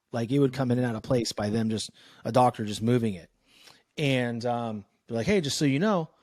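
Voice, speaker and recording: A man in his thirties from Northern California tells a story on a podcast with casual swearing and lively voices for the people in it. His voice sits at a middle pitch and is recorded dry and close, with no room sound. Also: no room sound. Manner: animated, loose and profane, acting out quoted exchanges. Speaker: podcast guest, sales coach.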